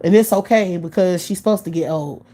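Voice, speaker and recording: A woman's voice: on the low side, a little fast, warm tone. A woman, hosting a live stream, ranting scornfully and bluntly with lots of cursing and repetition. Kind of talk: profane casual rant.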